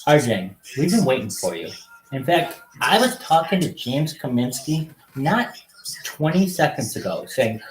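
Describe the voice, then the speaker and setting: A young man hosts a casual livestream, calling out loud, excited hellos to strangers on video chat. His voice sits at an ordinary middle pitch. A roomy echo hangs around every word. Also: slight background noise. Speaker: livestream host.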